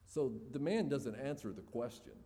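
A man preaching with a mellow, darker voice. He explains the scripture earnestly and lifts his voice on key points. The sound carries the long reverb of a large hall. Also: medium pitch, animated, normal speed. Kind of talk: sermon.

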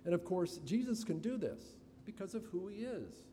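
A man preaching an expository sermon to his congregation, slow and deliberate with dramatic pauses. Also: sits high, very animated, mellow. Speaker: pastor. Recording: reverberant hall, faint room noise.

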